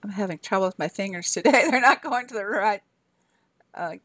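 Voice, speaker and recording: A woman's voice: mid-range voice, animated, brisk, a bit bright, no echo. An older woman with a Southern US accent chatting casually on a live stream, laughing often and answering her chat aloud. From Southern US, Arkansas. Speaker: game streamer.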